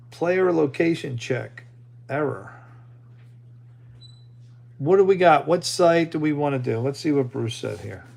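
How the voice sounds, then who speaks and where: Gravelly male livestream host. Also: a little high. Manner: chatty, talks to viewers and the AI. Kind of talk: casual livestream chat.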